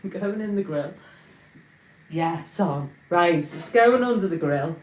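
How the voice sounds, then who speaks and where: A woman's voice: on the low side, lively intonation, measured pace, a little hiss or hum. Woman, home cooking vlogger, self-mocking chatter to viewers, echoey kitchen, clanking pots. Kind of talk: casual cooking vlog. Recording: echoey kitchen with clattering pans.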